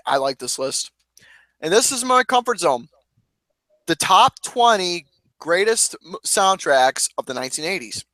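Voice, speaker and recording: A man hosting a casual movie podcast, talking in a lively, animated way. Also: on the high side, no room sound. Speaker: podcast host.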